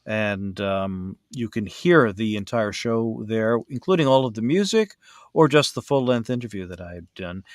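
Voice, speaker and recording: A man's voice: on the low side, expressive, normal speed, no room sound. Male podcast host, chatty and rambling, full of fillers; dry recording. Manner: rambling, with many fillers and restarts. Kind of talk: casual chat.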